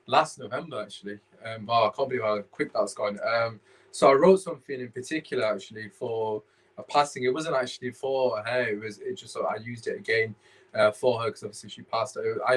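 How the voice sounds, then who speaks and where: A man's voice: mid-range voice, a bit bright, rough recording. A man hosting a casual podcast, rambling and restarting while he searches his phone. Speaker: podcast host.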